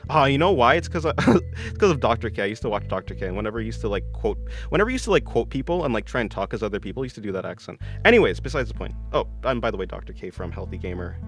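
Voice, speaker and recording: A man's voice: lowish voice, very animated, racing, faint music behind. A young man chatting on his art stream, answering viewers in a rambling, self-correcting way and laughing often.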